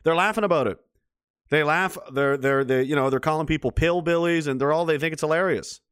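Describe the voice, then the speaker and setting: A man's voice: a little high, brisk, fairly bright tone, smooth, no echo, clean studio sound. A man ranting sarcastically and swearing freely, reading and answering his chat in a livestream.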